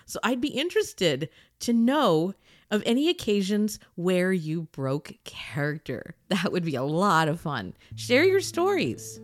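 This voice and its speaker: A chatty woman tells a story in a casual blog post, her voice swinging widely and expressively in pitch. She laughs often as she talks. The recording is close and dry, with almost no room sound. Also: wildly swooping pitch, measured pace, dry recording. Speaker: audio blogger.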